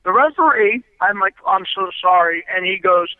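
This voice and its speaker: A man's voice: high voice, normal speed, hardly any pauses, dry recording. A man, a former pro wrestler, telling stories in a blunt, profane, emphatic way as an interview guest over a phone line. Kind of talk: casual storytelling interview. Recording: tinny dry phone line.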